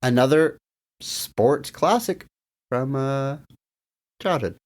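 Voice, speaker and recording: A man co-hosting a film podcast, chatting casually with dry jokes and drawn-out emphasis. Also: mid-range voice. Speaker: podcast co-host. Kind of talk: casual film review chat.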